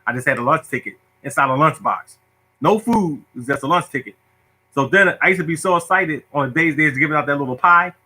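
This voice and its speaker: A man's voice: on the high side, quick pace, pushed and bright, slightly rough, poor audio. A middle-aged man telling a funny story from his childhood in casual talk, laughing often and acting out the people in it. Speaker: storyteller host. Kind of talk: casual storytelling monologue to viewers.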